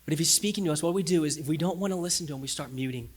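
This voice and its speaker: A man pastor delivers a sermon in a high-pitched voice. He swings from loud, pressing emphasis to quiet lines that are almost whispered, and he repeats key phrases to drive them home. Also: racing, slightly rough.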